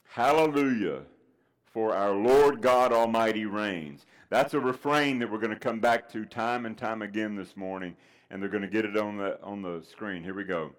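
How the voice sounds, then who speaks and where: A male pastor preaching a sermon, chatting casually with fillers, then reading scripture aloud with slow, loud, emphatic lines. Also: lowish voice, steady tone.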